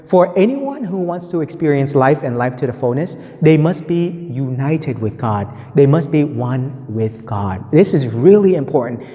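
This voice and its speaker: A man's voice: a little high, big pitch swings, normal speed, few pauses, warm tone, in a large hall. A man giving a conversational reflection on a gospel reading, often checking in with "right?" and repeating his key points. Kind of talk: teaching reflection on scripture.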